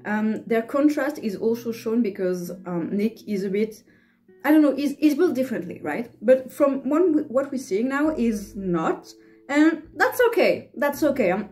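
Gushing fangirl vlogger, bright voice. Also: fairly high pitch. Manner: gushing, rambling with many fillers and restarts. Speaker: book vlogger. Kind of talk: casual fan vlog reaction.

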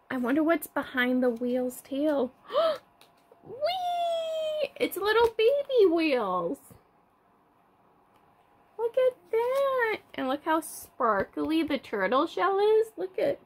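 A woman's voice: sits high, a bit bright. Sing-song young woman teacher. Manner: slow, sing-song, gasping with surprise. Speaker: toddler room teacher. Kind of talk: reading a picture book to toddlers.

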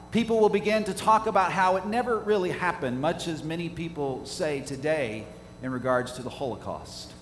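A male pastor preaching a sermon, asking his congregation rhetorical questions and swinging from quiet to loud. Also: medium pitch. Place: church sanctuary. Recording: echoey church hall, faint hum.

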